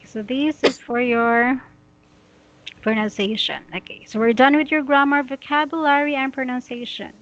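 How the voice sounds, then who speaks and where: A woman teaching English pronunciation, explaining slowly and repeating her instructions patiently. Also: high-pitched, steady tone, fairly bright tone, muffled recording. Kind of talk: giving a pronunciation lesson.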